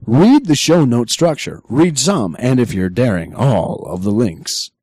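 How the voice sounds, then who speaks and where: A man's voice: mid-range voice, lively intonation, measured pace, darkish tone, no room sound. A young man co-hosting a podcast in casual chat, with dry joking quips. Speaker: podcast co-host.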